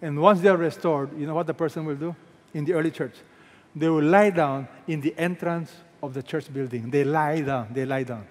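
Preaching a sermon in a large church hall, a man with a Filipino accent speaks at normal speed in a voice on the high side. As pastor he is emphatic, repeats phrases, and fires rhetorical questions at the congregation, all under the long reverb of the big room.

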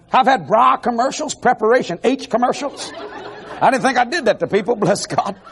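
A man preaching an animated evangelical sermon to a congregation on television, laughing and shouting asides as he goes. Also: extremely high pitch. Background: faint congregation crowd.

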